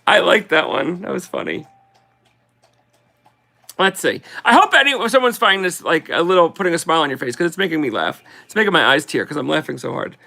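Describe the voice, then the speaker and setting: A woman's voice: on the low side, animated, vocal fry, pushed and bright. Giggly woman reading Christmas verses aloud. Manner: giggly, reads verses slowly and sing-song; chatty asides between readings. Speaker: vlogger. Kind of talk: casual reading of Christmas poems.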